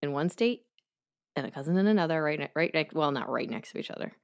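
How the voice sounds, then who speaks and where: Woman, from New England, deep voice, playful teasing, podcast chat. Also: expressive, gravelly. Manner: teasing, playful, quick to joke. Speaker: podcast co-host. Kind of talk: casual chat.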